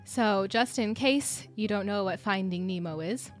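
A woman's voice: medium pitch, measured pace, soft background music. A woman co-hosting a casual podcast, chatty and giggly as she explains things. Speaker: podcast co-host.

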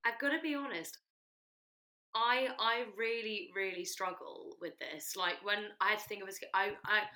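Woman podcast co-host, bright voice, giggly, casual. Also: medium pitch, moderate pace. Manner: giggly, hesitant. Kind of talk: casual chat.

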